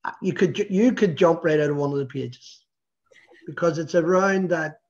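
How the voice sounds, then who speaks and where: A man's voice: a little high, moderate pace. A man hosting an interview, asking rambling questions and teasing his guest. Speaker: interview host. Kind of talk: casual interview chat. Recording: dull lo-fi recording.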